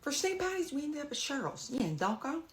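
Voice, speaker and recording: A woman's voice: high voice, sing-song, fast, roomy sound, a little hiss or hum, pitched above the performer's own voice. Woman doing a gossipy Delco Philly lady. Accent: Delaware County Philadelphia.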